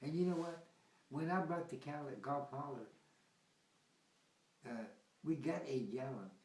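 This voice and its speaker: Older man, rambling chuckling storyteller, slow talker, echoey room with noise behind. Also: on the high side, expressive. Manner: chuckling often, rambling, folksy. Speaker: grandfather telling family stories. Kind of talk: casual storytelling. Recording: roomy home recording with background noise.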